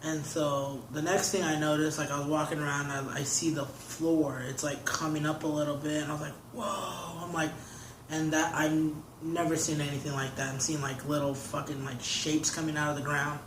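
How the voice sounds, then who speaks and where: A man's voice: a little high, level tone, a little fast, background noise. A young man, an interview guest, telling a long story in casual talk, rambling and filling his sentences with "like". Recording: roomy echo.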